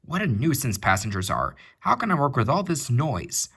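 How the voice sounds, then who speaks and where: A man's voice: medium pitch, very animated, normal speed, a bit bright, breathy edge, pitched above the performer's own voice, full character voice. A man reading a storybook, voicing a stern, formal male railway boss. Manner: severe, formal.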